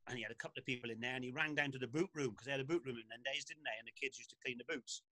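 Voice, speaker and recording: A man, a former footballer and podcast guest, telling lively anecdotes with frequent laughs in casual talk. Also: mid-range voice, rapid-fire, dry recording, low-quality recording.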